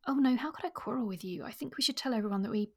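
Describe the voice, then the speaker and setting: A woman reading aloud the part of a tearful, remorseful young woman, in a soft, hushed voice. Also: fairly high pitch, very fast, breathy edge, pitched above the performer's own voice.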